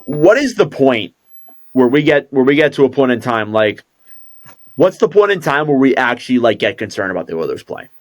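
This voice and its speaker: A man hosts a podcast in relaxed, casual chat, mulling things over aloud. His voice sits at an ordinary middle pitch. He talks like he is working out his thoughts as he speaks. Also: a little fast, no room sound, clean studio sound. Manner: rambling, thinking aloud. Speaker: podcast host.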